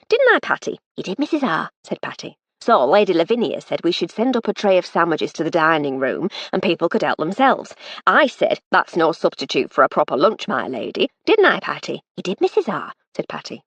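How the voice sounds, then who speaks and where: A woman's voice: on the low side, very animated, brisk, slightly rough, dry recording, heavily acted. A woman doing a folksy, bustling old cook. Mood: fussing. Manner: folksy, ungrammatical working-class talk. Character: homely older cook, bustling and motherly.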